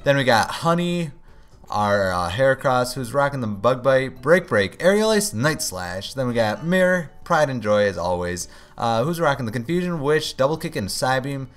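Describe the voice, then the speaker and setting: A man's voice: medium pitch, very animated, normal speed. A man hosting a let's play, giving casual commentary as he plays and often groaning and pleading at the game.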